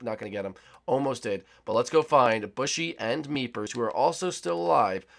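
Young man, gaming commentary, gravelly voice, teasing sportscaster play-by-play. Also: medium pitch, a bit bright. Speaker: gaming YouTuber. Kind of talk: excited gameplay commentary.

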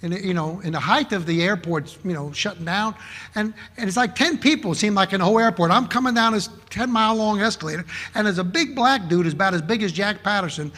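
Brief: male preacher, animated anecdotal sermon, bright edgy tone, church-hall reverb. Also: high-pitched, fast. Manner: animated storytelling, acts out quoted people.

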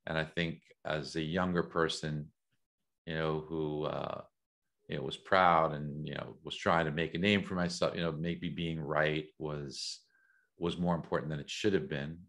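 A middle-aged American man talking as an interview guest, thoughtful and measured, often repeating words as he thinks. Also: very deep voice, steady tone, creaky, a bit bright. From United States. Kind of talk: reflective interview talk.

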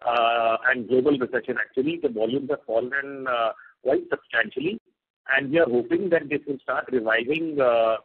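Man, company executive, steady and reassuring, slightly husky, heard over a tinny conference line. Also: mid-range voice. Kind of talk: earnings call answers.

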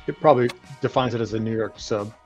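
A man's voice: lowish voice, fast, darkish tone, dull audio, soft background music. A man in a casual group chat, explaining and arguing his point.

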